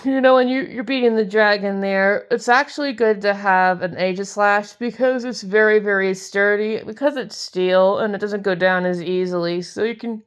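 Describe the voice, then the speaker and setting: Giggly woman with a smooth voice. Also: mid-range voice, fairly even intonation, normal speed, hardly any pauses. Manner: chatty and giggly, gushing over cute cards. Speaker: card-collecting video host. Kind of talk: casual pack-opening commentary.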